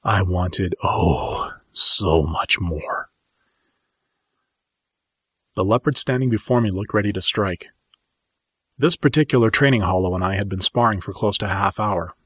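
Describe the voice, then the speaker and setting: A man narrating a first-person story in a measured, dramatic audiobook style. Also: fairly low pitch, fairly bright tone, slightly rough, no room sound, studio quality.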